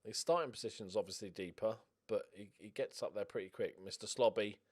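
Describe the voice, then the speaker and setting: A man giving casual gaming commentary as a streamer, getting excited and swearing as he cheers on his team. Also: on the low side, fairly quick. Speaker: game streamer.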